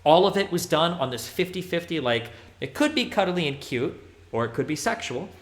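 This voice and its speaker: A man's voice: a little high, big pitch swings, a little fast. A male streamer giving casual livestream commentary, talking bluntly and profanely in a rambling way with many fillers.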